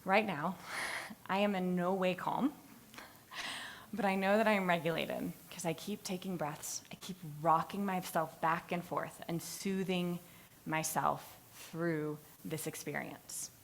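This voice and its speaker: A young woman presents to a room, her voice sitting a little low for a woman. She talks in an expressive, storytelling way, playing out the voices in her anecdotes. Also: unhurried, creaky, a little hiss or hum. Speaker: graduate student presenter. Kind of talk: live capstone presentation. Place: presentation hall.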